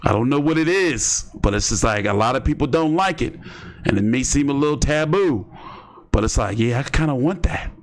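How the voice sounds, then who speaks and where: A man's voice: medium pitch, expressive, normal speed. A man hosting casual boxing commentary, rambling and joking with slang and lots of fillers. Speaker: host.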